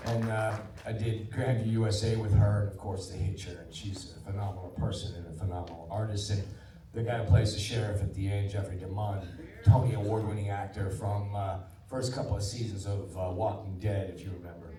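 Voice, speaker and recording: A man in his sixties, an actor introducing a film screening, tells animated stories to a cinema audience and drops to a hush for quoted lines. His lowish voice moves a little fast, picked up by a distant mic with a crowd audible and roomy theater sound filling the auditorium.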